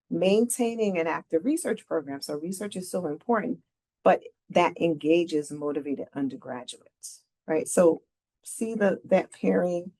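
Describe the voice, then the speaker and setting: A woman's voice: on the low side, mellow. A middle-aged woman leading a careers workshop, walking through slides in a conversational way and often checking in with "right?". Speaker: career advisor presenting a workshop.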